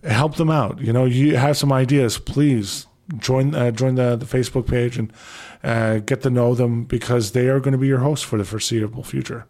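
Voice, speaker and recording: A man with a Canadian accent, hosting his last radio show in a studio and telling stories in a rambling, excitable way with many restarts. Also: mid-range voice, moderate pace. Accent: Canadian English. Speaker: departing radio show host. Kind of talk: casual radio interview.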